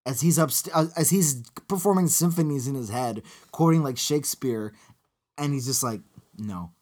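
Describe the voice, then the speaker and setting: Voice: medium pitch, moderate pace. A podcast co-host talking casually about a movie, profane and joking. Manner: animated, profane, jokey asides.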